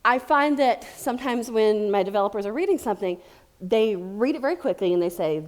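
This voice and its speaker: A woman's voice: medium pitch, animated, brisk. A woman speaking at a tech conference as a tester and manager, chatty and playful with jokey asides. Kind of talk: conference talk. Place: conference room.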